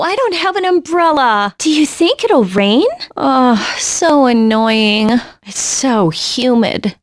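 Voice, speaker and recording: A fussy young maid-teacher. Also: female voice, high-pitched, heavily acted. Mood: sweet. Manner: flustered and teasing, with sighs. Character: young adult female teacher doing maid service, fussy. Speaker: voice actress. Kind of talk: game voice clips.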